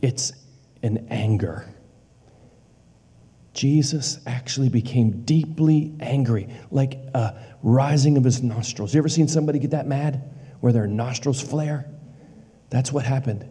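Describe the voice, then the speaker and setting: A man preaching a sermon with emphasis. He repeats lines for weight and drops to a hush on key words. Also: medium pitch, unhurried, slightly rough. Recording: long hall reverb.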